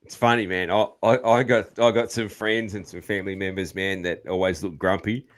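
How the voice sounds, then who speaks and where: A man's voice: deep voice, steady tone, normal speed. A man hosting a podcast, chatting in a laid-back way and laughing often. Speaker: podcast host. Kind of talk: casual interview chat.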